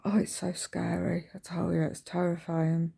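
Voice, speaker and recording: A middle-aged woman talks into her phone at home in a slow, unhurried ramble. Her voice is dark and mellow with a gravelly edge. She meanders through her thoughts with plenty of ums and restarts. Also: on the low side, flat delivery. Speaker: vlogger. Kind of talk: casual early-morning vlog chat. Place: at home indoors.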